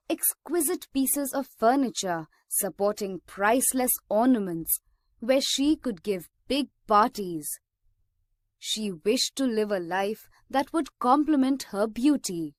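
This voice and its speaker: A woman teacher reads a story aloud for a lesson, in a slow and deliberate way. Her voice sits a little high and stays expressive. The recording is dry and close. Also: no room sound.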